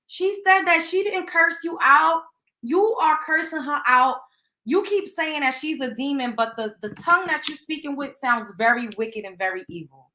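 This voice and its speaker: A woman's voice: high voice, moderate pace, sharp tone. A woman hosting a show, reacting to a clip with indignant, emphatic commentary. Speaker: show host.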